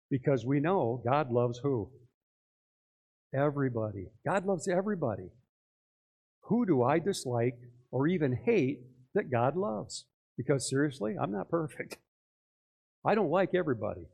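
A man's voice: fairly high pitch, gravelly, a little mellow. A male pastor preaching a sermon in church, talking conversationally and putting many questions to his listeners.

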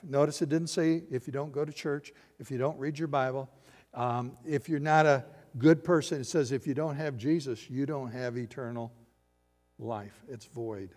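An older male pastor delivers a sermon in a voice of average pitch. He swings between loud, emphatic declarations and quiet, hushed lines. His voice rings with a long reverb, as if he is preaching in a large sanctuary. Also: steady tone, normal speed.

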